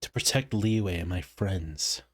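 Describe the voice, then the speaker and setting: A man's voice: low voice, unhurried. A man voicing an earnest young male adventurer in a video game, speaking plainly.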